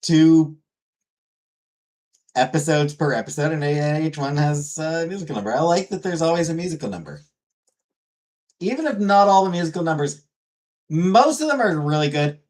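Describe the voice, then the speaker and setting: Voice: mid-range voice, lively intonation, normal speed, long pauses, darkish tone. A podcast host in casual chat about a cartoon, rambling with many fillers and restarts.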